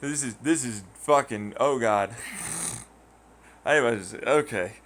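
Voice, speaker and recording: A man's voice: medium pitch, slow pace, a bit bright. A man ranting casually and profanely, rambling through a story and acting out quoted voices in mocking tones. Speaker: podcast host. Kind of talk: casual rant.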